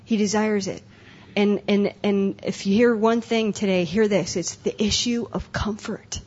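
A woman's voice: mid-range voice, fairly even intonation, a little slow, a little mellow. A young adult woman speaking at a conference breakout session, earnest and emotional, often repeating herself. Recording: dull lo-fi live recording.

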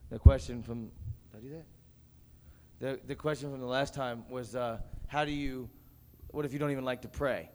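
A man's voice: medium pitch, fairly even intonation, normal speed, a little mellow. A young man with a mid-range voice leads a youth panel in an upbeat, joking way, coaxing the crowd for questions. His voice carries through a hall with long reverb, and a faint murmur of background noise sits behind it. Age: young adult. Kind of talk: casual panel talk with an audience. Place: camp meeting hall.

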